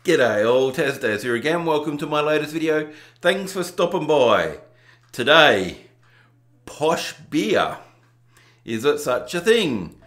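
A man from southern Tasmania with an Australian accent reviews drinks for his home video channel, chatty and jokey, self-mocking and playing up poshness for laughs. His voice is a little high, animated, unhurried and fairly bright. The room is echoey, with faint background music.

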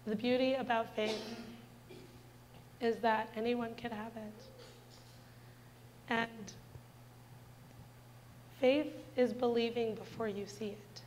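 A woman's voice: on the high side, steady tone, slow, long pauses, darkish tone, slight background noise, rough recording. A woman in her twenties giving a heartfelt personal testimony in a church, speaking earnestly and directly to the congregation. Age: 20s.

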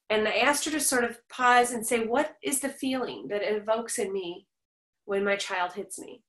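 Gentle parenting teacher, echoey room. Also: female voice, medium pitch. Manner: gentle, reassuring, reflective, pauses to repeat words. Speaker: parenting class instructor. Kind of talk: recorded online class Q and A.

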